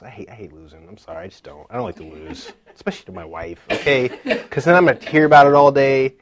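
A man in his thirties giving a personal faith testimony, dropping to a hush and rising loud again, laughing at himself as he tells the story. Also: medium pitch, very animated, fast talker, few pauses. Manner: swings from hushed to loud, laughing, self-deprecating storytelling.

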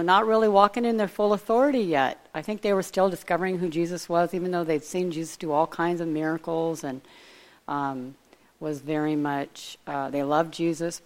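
A woman giving an informal, conversational sermon, digressing and speculating aloud as she retells a Bible story. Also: low-pitched. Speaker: preacher.

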